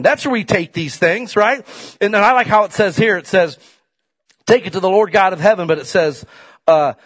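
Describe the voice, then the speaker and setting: A middle-aged male pastor preaching a folksy sermon, dropping to quiet asides and rising to loud, emphatic peaks. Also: sits high, lively intonation, normal speed.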